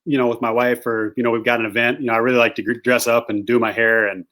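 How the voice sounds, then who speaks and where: Guy guest spinning a long funny story, talks casual and rambling, mid pitch. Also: quick pace. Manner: animated, rambling anecdote teller. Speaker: guest, hunting guide.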